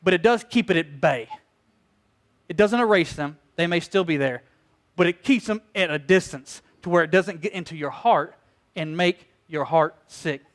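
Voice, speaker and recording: A middle-aged pastor, preaching a sermon, telling stories and acting out quoted voices in an animated way. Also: male voice, on the high side, normal speed.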